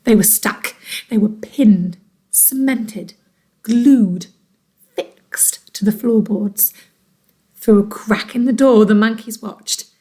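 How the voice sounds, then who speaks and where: A teacher reading a storybook aloud to children, expressive and dramatic. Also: female voice, mid-range voice, takes it slowly, pauses often.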